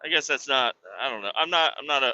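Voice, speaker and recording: A man hosting a comedy podcast, ranting with heavy profanity and sudden bursts of shouting. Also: mid-range voice, fast, no room sound. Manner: profane, erupts into shouting tirades. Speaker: podcast host. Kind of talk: comedic rant. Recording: dull lo-fi recording.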